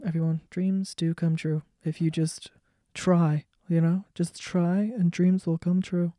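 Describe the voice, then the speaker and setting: A young man putting on the slow, sing-song voice of an encouraging grade-school teacher. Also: on the high side, level tone, warm tone, no echo, clean studio sound, lightly acted.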